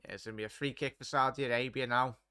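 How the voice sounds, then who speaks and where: A man's voice: mid-range voice, steady tone, rapid-fire, sharp tone, clear, resonant tone, dry recording, clean studio sound. A young man hosting a live match watchalong, commentating casually and chatting to viewers. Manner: chatty, laddish, reads chat aloud. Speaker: watchalong host.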